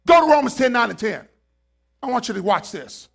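A man preaching a sermon in a high voice. He drives his points home with fiery shouting, then drops to quieter asides. He keeps calling out to the congregation. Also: big pitch swings, normal speed, vocal fry, slightly rough. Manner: calls out to the congregation.

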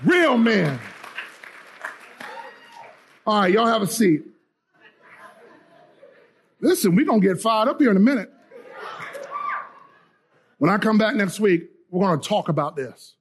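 Male pastor, high voice, fiery call-and-response sermon, church setting. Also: animated, normal speed, long pauses, a faint crowd, a little hiss or hum. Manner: fiery, call-and-response preaching that swings from loud shouts to quiet prayer. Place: church sanctuary with a congregation.

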